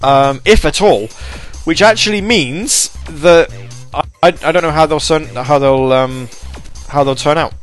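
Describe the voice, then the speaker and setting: A man hosts a podcast on his own, chatting casually in a rambling, self-deprecating way with lots of fillers and restarts. His voice is on the high side and a little slow with few pauses, and faint music plays behind him.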